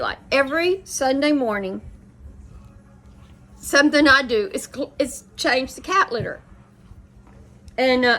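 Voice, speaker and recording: A woman's voice: high voice, a bit bright. Chatty woman telling a story. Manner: chatty, rambling, with many restarts and quoted dialogue. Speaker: host. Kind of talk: casual storytelling chat.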